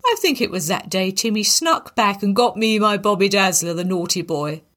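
A woman voicing a booming, menacing mother-in-law. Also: normal speed, fairly bright tone, lightly acted. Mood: sweetly menacing. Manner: booming, then sugary and menacing.

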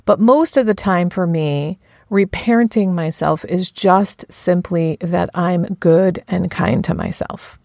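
A woman's voice: lowish voice, slow pace, vocal fry, a little mellow, dry recording, clean studio sound. A woman giving a frank, earnest self-help talk about her own practices, with casual swearing.

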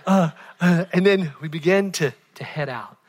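A male pastor in his forties delivers a conversational sermon with a slightly high voice. He keeps checking in with his listeners and laughs easily, surging into loud excitement and then sinking into hushed tones. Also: moderate pace. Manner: conversational, peppered with "right?", laughs often.

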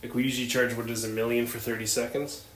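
A man co-hosting a podcast in casual chat, joking with deadpan banter. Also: mid-range voice, fast. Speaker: podcast co-host. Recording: roomy with faint ambience.

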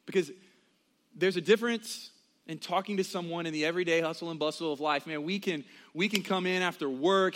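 A man in his early thirties preaches with a light, high-pitched voice. He talks to the congregation casually, slipping in quick asides and acting out little quotes as he goes. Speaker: pastor. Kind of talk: sermon.

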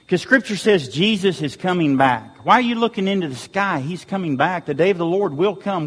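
A man's voice: a little high, expressive, fairly quick, hardly any pauses, husky. A man preaching a sermon to his church, pleading with the congregation and repeating urgent questions. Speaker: pastor. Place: church sanctuary. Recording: long hall reverb.

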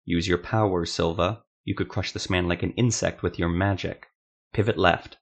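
A commanding male spirit speaking in a fighter's mind in a fantasy audiobook, as a man puts it on. His low voice gives curt, insistent orders. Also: fairly even intonation, moderate pace, creaky, breathy edge, full character voice.

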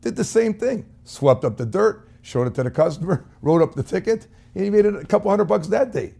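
A man's voice: sits high, lively intonation, a little fast, creaky, warm tone, breathy edge. A man telling a folksy anecdote as a sales trainer, acting out the voices of the people in his story. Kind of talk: storytelling motivational talk.

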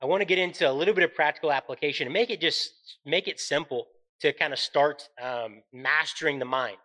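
A man's voice: fairly high pitch, a little fast, pushed and bright, low-quality recording. A man in his thirties hosting a faith-based motivational podcast, speaking in an earnest, encouraging way and often checking in with "right?". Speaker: podcast host.

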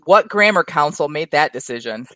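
A woman's voice: deep voice, lively intonation, moderate pace, bright, forceful tone, no room sound. A woman reading the lines of a touchy husband married thirty years, from her own short story. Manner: read aloud plainly from a story.

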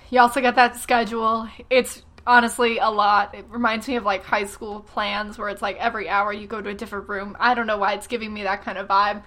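A woman's voice: on the high side, sharp tone. A woman hosting a casual solo podcast, chatty and sarcastic with lots of fillers and self-deprecating asides. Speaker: blogger and podcast host. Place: home room, typing audible.

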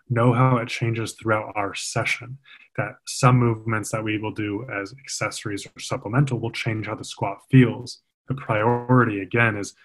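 A man's voice: lowish voice, low-quality recording. A man who coaches athletes, explaining movement in an earnest, emphatic conversational way. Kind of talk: casual podcast conversation.

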